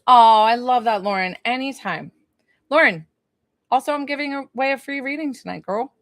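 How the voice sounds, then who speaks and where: A woman's voice: a little high, normal speed, no echo, studio quality. A woman from New York giving a spiritual reading on a phone livestream, gushing, laughing often and chatting with viewers. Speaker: psychic medium.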